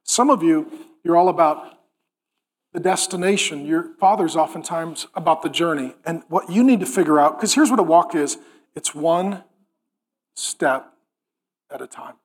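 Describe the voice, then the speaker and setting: Man, middle-aged, high voice, pastor, emphatic sermon. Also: normal speed, pauses often. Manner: emphatic, drops to a hushed intimate tone for stories.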